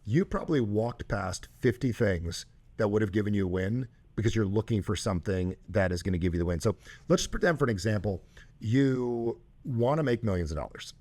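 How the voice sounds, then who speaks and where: A man hosting a show and coaching a caller, talking emphatically with loud, high bursts. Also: expressive, a little fast. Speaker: host and coach.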